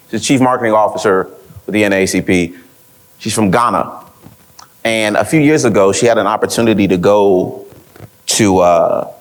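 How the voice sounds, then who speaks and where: A man giving a motivational talk to a live audience, telling stories with rhetorical repeats and acting out what others said. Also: fairly low pitch. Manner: rhetorical repeats, quoting others in lively voices. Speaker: speaker at an event.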